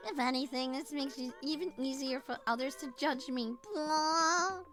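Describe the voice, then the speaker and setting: A woman's voice: high voice, normal speed, fairly bright tone, faint music behind, pitched below the performer's own voice. A woman voicing a bossy little girl boss turned piggy, whiny and indignant. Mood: sulky.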